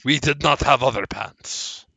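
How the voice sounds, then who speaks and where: Man doing a strange excitable dwarf, loud and clipped, tabletop voice, dry close sound. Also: medium pitch, measured pace, creaky, slightly rough, no echo, pitched above the performer's own voice, exaggerated voice. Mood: agitated. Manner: loud, formal clipped speech, emphatic. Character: strange excitable male dwarf, hollow host.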